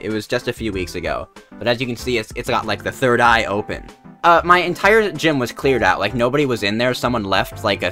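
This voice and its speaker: A man's voice: on the low side, sharp tone. A man chatting casually as a streamer in his room, laughing often and swearing freely while telling a story.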